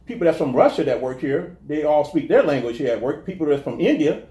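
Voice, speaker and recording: A man from the telling stories in a casual interview, animated and restarting his sentences often. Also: fairly high pitch, fast, echoey room. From American South. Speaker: guest talking about his life.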